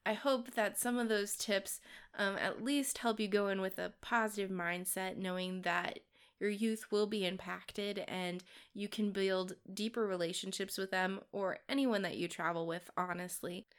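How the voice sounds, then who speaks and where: A woman hosts a faith podcast, speaking earnestly and encouragingly with casual fillers in devotional talk. Her voice is medium-pitched and smooth, with fairly even intonation and a moderate pace.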